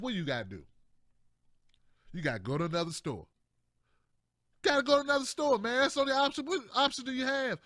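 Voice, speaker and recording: A man's voice: extremely high pitch, sharp tone, dry recording, clean studio sound. A man hosting casual political commentary, talking in a slangy, repetitive, chatty way with frequent laughs.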